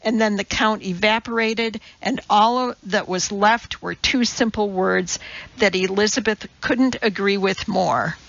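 A woman narrating a novel as an audiobook in a measured, even storytelling manner. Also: medium pitch, creaky, muffled recording. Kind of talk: scripted narration.

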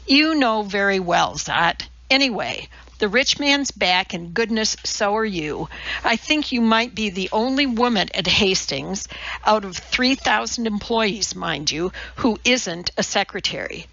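A sarcastic female personnel officer with a gravelly edge under a bright, sharp tone, needling and mocking, as a woman puts her on. The read is close and dry. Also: mid-range voice, animated, a little slow, dry recording, exaggerated voice. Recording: slightly dull lo-fi.

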